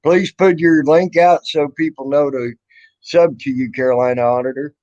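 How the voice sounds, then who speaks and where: A man's voice: on the high side, fairly even intonation, normal speed, a little mellow. A man hosting a casual livestream chat, blunt and profane, rambling with lots of fillers. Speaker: livestream host. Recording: dull lo-fi stream audio.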